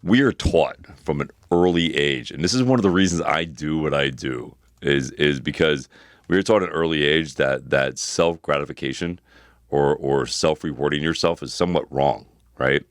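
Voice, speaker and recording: A man's voice: rumbling low, moderate pace, no echo, clean studio sound. A man in his thirties co-hosting a podcast, telling a rambling story in casual chat, swearing freely and repeating himself. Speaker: podcast co-host.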